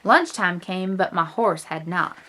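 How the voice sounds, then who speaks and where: A woman's voice: lowish voice, a little slow, pushed and bright, slight background noise, pitched below the performer's own voice. A woman voicing a horse-mad little cowgirl in a put-on Western twang, reading a picture book aloud. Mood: eager. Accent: put-on American Western twang. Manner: drawling, folksy storybook read-aloud.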